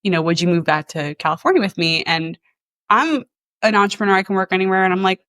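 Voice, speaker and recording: Her mid-range voice is fast and a little bright as this New Jersey-born podcast host in her thirties chats casually. The talk is full of laughter, with plenty of "likes" sprinkled throughout.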